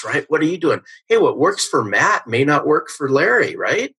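This middle-aged man, a sales coach on a podcast, tells stories energetically and emphatically while frequently asking "right?". His mid-range voice is sing-song, sharp, and husky, moving at a moderate pace with hardly any pauses. The recording is rough.

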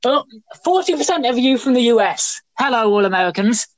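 A woman's voice: fairly high pitch, expressive, brisk, no echo. A young British woman hosting a podcast in a casual chat, rambling and joking with many fillers and restarts. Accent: British English. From Britain. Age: young adult. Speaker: podcast host.

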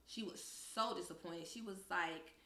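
A young woman co-hosts a casual podcast, telling stories with lots of acted-out quotes. Her voice is bright with a gravelly edge of fry. The room around her is echoey. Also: lowish voice, a little slow. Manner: animated storyteller, acts out quoted voices. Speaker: podcast co-host. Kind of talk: casual storytelling chat.

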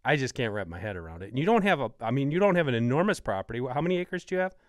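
A Wisconsin man hosts a hunting podcast in a casual interview format, speaking rapid-fire and very animated at a medium pitch. He eagerly fires off questions and quotes numbers as he works through them. The audio is studio quality with no echo.

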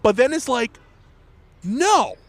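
Animated high-voiced man in casual chat. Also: slow pace. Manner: animated, rambling, swears, laughs loudly. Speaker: podcast co-host. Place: New York City.

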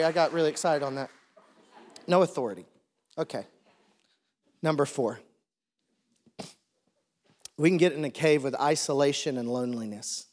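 A man preaching a sermon into a stage microphone, fervent and building to loud declarations. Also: high-pitched, fairly quick. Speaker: pastor. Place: large church hall. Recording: long hall reverb, faint music.

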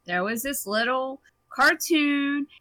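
A woman's voice: sits high, slow, sharp tone, rough recording. A woman co-hosting a casual chat show, playful and teasing, laughing often. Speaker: co-host.

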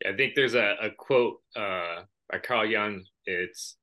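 Guy on a self-help podcast, kinda low voice but really bright and sharp, chatty and reflective. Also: slow, hardly any pauses. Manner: reflective, tells personal stories. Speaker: podcast co-host. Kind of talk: casual chat.

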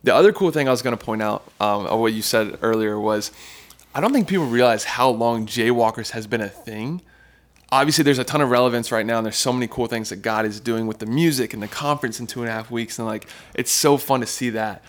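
A man's voice: medium pitch, fast. A man hosting a podcast, speaking in an affirming, conversational way. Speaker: podcast host.

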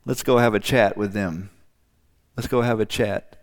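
A man in a sermon voicing the devil as a sly, coaxing false friend who talks softly and conspiratorially. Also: lowish voice, steady tone, moderate pace, natural voice. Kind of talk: sermon role-play.

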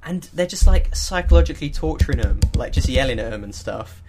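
A man co-hosting a casual podcast chat, telling a story with lots of fillers and quick laughs. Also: medium pitch, lively intonation, noisy background. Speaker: podcast co-host.

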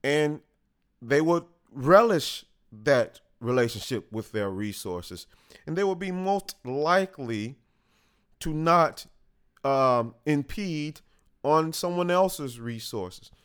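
A man hosting a talk, speaking in a slow, deliberate unscripted monologue and pausing to correct himself along the way. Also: a little high, lively intonation, a bit bright, smooth. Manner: slow and deliberate, with restarts and small self-corrections. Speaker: host.

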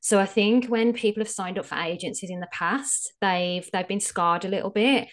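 A woman's voice: mid-range voice, moderate pace. An Australian woman, a guest strategist, explaining things frankly and casually in a podcast interview. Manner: explanatory, frank, with frequent fillers.

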